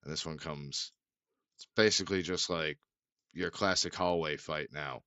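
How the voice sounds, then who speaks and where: A man's voice: very deep voice, moderate pace, sharp tone, clear, resonant tone, dry recording. A man narrating as game master in a loose, swearing, laugh-prone way, recorded on a dull lo-fi mic.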